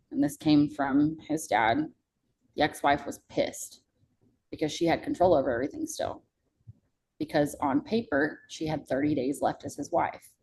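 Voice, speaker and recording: Podcast guest: young woman, low and gravelly, candid storyteller who curses freely. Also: a little mellow, poor audio. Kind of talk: casual emotional storytelling.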